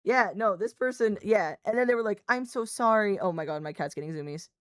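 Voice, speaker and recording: A woman's voice: medium pitch, expressive, fast talker, no room sound. A young woman streaming live, chatting casually, laughing often, swearing freely and scolding her cat mid-sentence.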